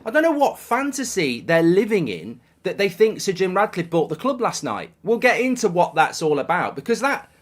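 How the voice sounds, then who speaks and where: A man holds forth in an exasperated, sarcastic rant. His voice sits a little higher than most men's, and he stumbles over repeated words when he gets worked up. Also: big pitch swings, moderate pace, hardly any pauses. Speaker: football fan commentator. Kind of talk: ranting opinion monologue.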